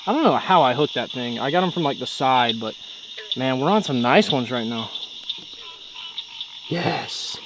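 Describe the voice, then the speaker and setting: A young man vlogging from a boat on a night fishing trip, excitedly exclaiming as he talks, with crickets behind him outdoors. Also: medium pitch, unhurried, long pauses, noisy background. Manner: excitable, exclaiming, breaks into whoops. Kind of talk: excited outdoor vlog commentary. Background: crickets and insects at night.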